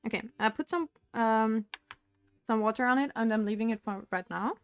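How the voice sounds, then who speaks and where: A woman's voice: fairly high pitch, normal speed, clean tone, no echo, faint music behind. Chatty woman streamer, dry close sound. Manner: rambling, chatty, laughs often. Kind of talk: casual live-stream chat. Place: home streaming setup.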